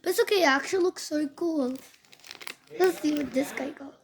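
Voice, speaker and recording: Chatty high-voiced young girl vlogger. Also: normal speed. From Australia. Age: child. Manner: chatty, excitable, stumbles over words. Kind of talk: casual vlog chat.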